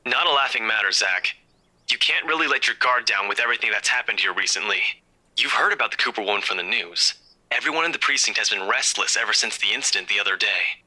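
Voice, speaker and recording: An earnest young cop friend with a very bright, sharp tone, as a man puts him on while reading a game aloud. He speaks in a crisp, businesslike way with a friendly edge. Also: fairly low pitch, fast, low-quality recording. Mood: serious. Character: brisk young male police friend, earnest.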